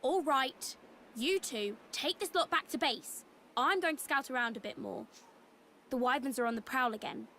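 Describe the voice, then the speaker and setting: A woman's voice: high voice, moderate pace, bright, forceful tone, a little hiss or hum. An actress voicing a commanding young female sky pirate who scolds her crew, in video game dialogue. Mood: breezy. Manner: bossy, scolding.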